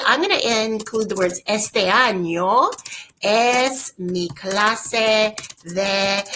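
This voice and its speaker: A woman teaching a Spanish lesson in a folksy, upbeat way, slowing down to drill example phrases. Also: medium pitch, fairly bright tone, slight background noise. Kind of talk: recorded online lesson.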